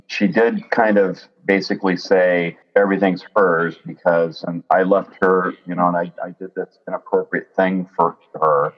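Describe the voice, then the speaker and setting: A man in his fifties telling his own story in an interview, earnest and lively, often quoting what others said. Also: sits low, normal speed, few pauses, lo-fi sound. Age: 50s. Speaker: interview guest. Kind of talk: candid personal storytelling.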